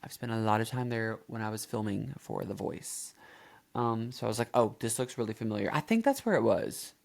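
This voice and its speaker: A man's voice: on the low side, animated, moderate pace, gravelly. A man hosting a reaction video, rambling casually with lots of fillers and self-corrections.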